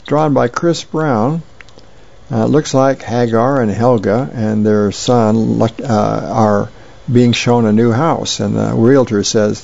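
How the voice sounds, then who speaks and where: A man reading newspaper advice letters and comics aloud in a plain, unhurried way, stumbling now and then. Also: mid-range voice, gravelly, mellow, highs cut off. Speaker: reader of newspaper features.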